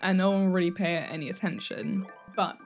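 A woman's voice: on the low side, steady tone, fast, soft background music. A woman vlogger chatting casually, giggling often as she talks. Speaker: fashion vlogger. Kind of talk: casual chat.

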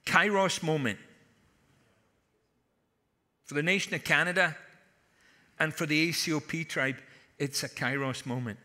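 Man preaching, high voice, very bright tone, humorous storytelling, long hall reverb. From Scotland. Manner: humorous storytelling with punchy asides. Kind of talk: conference sermon. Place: large conference hall.

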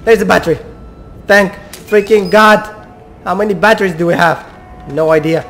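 A man's voice: high voice, normal speed, fairly bright tone. A young man playing a horror game, talking to himself and his viewers, jumpy and swearing. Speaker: gamer.

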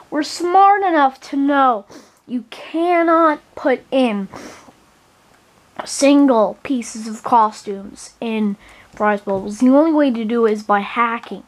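A woman with a high voice hosts a gaming channel, commenting on gameplay in a halting, earnest manner. She often repeats words as she complains.

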